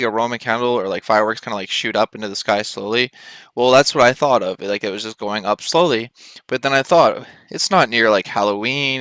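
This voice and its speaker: Bright, crisp-voiced man telling a story. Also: on the low side, no room sound. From Canada. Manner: rambling, lots of filler "like", excited retelling. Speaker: vlogger. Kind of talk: casual storytelling.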